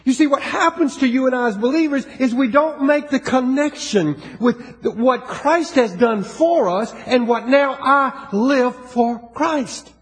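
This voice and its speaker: A man's voice: very high-pitched, measured pace, few pauses. A man with a Southern US accent preaching a sermon in a folksy way, with joking asides and rising emphasis. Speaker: pastor.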